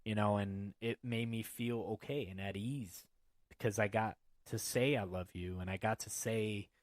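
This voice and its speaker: In clean studio sound with no room echo, a male podcast host tells stories in a profane, rambling casual chat. His voice is fairly low and steady, at a moderate pace.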